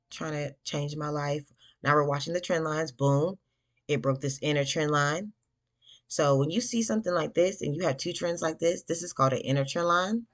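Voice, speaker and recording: Excitable young woman teaching chart reading. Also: sits low. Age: young adult. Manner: chatty, slangy, bursts of excitement. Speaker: forex trader teaching backtesting. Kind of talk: casual screen-share trading lesson.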